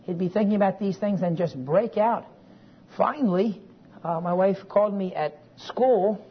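In a high, husky voice at a normal speed, a folksy man teaches a Bible class, weaving a personal story into his lecture. He digresses and checks in with his listeners, captured in a dull lo-fi recording with faint hiss.

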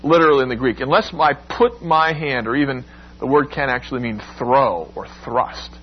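A man preaching a sermon, expressive and emphatic, acting out the quoted lines with sudden rises. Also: mid-range voice, normal speed, dull audio, a little hiss or hum.

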